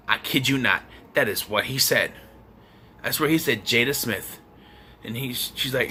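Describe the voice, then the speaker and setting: A man's voice: mid-range voice, lively intonation, normal speed, pushed and bright, slight background noise. A young man reviewing a film in a casual video, talking in an exasperated, sarcastic rant. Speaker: movie reviewer.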